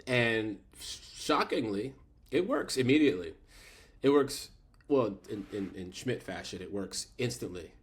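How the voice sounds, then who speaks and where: A man's voice: fairly low pitch, lively intonation, measured pace. A middle-aged man co-hosting a casual podcast, his voice rising and falling a great deal as he tells the story with animation. He breaks into laughter often and sounds under the weather. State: sick. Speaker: podcast co-host. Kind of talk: casual chat recapping a sitcom.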